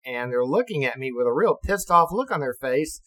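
An older man and retired navy officer casually recounting stories, lively and profane, acting out what others said. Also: mid-range voice, brisk, low-quality recording. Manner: lively, acts out quotes, swears and laughs. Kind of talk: casual storytelling.

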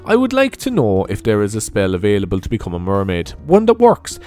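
A man's voice: on the low side, huge pitch swings, quick pace, a little mellow, soft background music. A young man hosting a video, reading online questions aloud and commenting on them in a rambling, sweary, giggly way. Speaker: video host.

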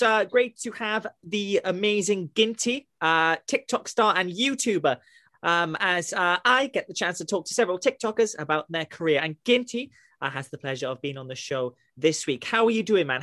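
A man's voice: high voice, normal speed, pushed and bright. A man hosting a podcast interview, chatty and enthusiastic, with lots of fillers and restarts. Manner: rambling, filler-heavy, enthusiastic. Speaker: podcast host.

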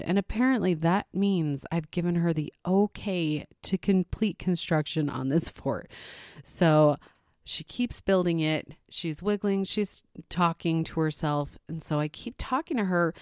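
A woman's voice: on the low side, a little mellow, dry recording, studio quality. A woman in her thirties, tired after a sleepless night, casually telling a rambling story about her night with a self-mocking laugh. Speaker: podcast host.

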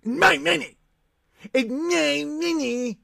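A man's voice: extremely high pitch, slow pace, vocal fry, bright, forceful tone, dry recording, clean studio sound, pitched above the performer's own voice, heavily acted. A man putting on a whining conservative caricature. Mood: whining mockery. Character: whiny mocking caricature of a greedy conservative man.

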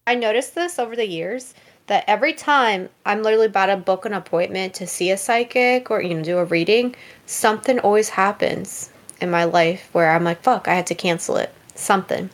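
A woman's voice: mid-range voice, brisk. A woman in a casual chat with friends, talking loosely and swearing. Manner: loose, profane, chatty.

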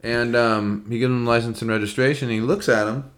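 A man's voice: mid-range voice, fairly even intonation, brisk. A man co-hosting a comedy podcast, telling a rambling, profane story full of fillers. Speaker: podcast co-host. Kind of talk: casual comedic chat.

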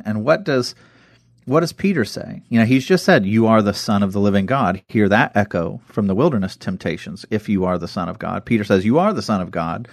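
A man in casual conversation, retelling Bible stories with lively acted-out quotes. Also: lowish voice, fairly quick, creaky, no room sound, clean studio sound. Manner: animated storytelling, acts out quoted voices.

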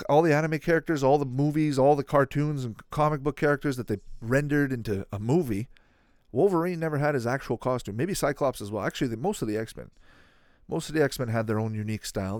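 Male reaction host, lively rising and falling voice, dry close sound, excitable, chats to viewers. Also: mid-range voice, no room sound. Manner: excitable, thinking aloud, quick reactions; asks the viewers questions. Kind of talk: casual live commentary while watching a video.

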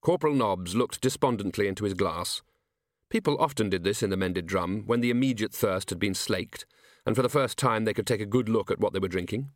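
A man's voice: on the low side, no room sound. Man narrating an audiobook, dry. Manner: measured storytelling. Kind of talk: scripted narration.

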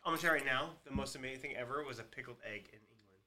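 A man co-hosting a podcast, bantering in a loud, crude, laughing way. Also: mid-range voice, racing. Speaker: podcast co-host. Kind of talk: casual banter.

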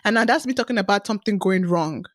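A woman's voice: mid-range voice, quick pace, no room sound, clean studio sound. A woman hosting a casual podcast chat, talking animatedly and acting out cheerful customer-service messages. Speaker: podcast host.

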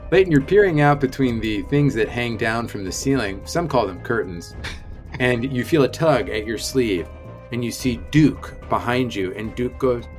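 A man running a tabletop game as game master, joking casually with the players. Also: mid-range voice. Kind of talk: narrating a tabletop game podcast.

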